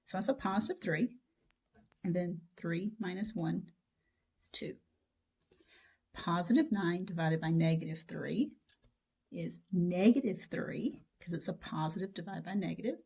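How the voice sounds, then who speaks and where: A woman's voice: fairly low pitch, animated, measured pace, creaky, long pauses, a little mellow, breathy edge. A woman teaching math in a casual recorded lecture, talking straight to her students in a chatty way from her home basement. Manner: chatty, talks to students directly.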